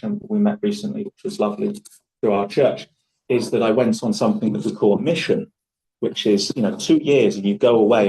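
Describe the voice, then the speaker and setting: A man's voice: fairly low pitch, low-quality recording. A young man from Scotland leading a live public speaking workshop, talking animatedly and acting out voices in his stories. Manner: animated, acts out voices in anecdotes.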